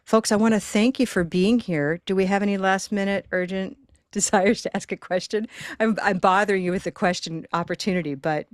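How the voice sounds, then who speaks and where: A woman's voice: mid-range voice, fairly quick, no room sound, studio quality. A woman hosting a live online pronunciation class, talking in an upbeat, encouraging and chatty way through a computer microphone.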